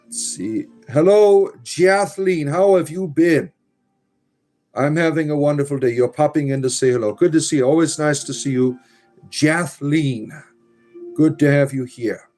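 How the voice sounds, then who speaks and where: A man with a mid-range voice hosts a relaxed live stream, reading out comments and tossing off dry, wry asides. He drifts into low mutters between messages. Faint music plays in the background. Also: moderate pace. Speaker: livestream host reading chat. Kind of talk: casual live-stream chat.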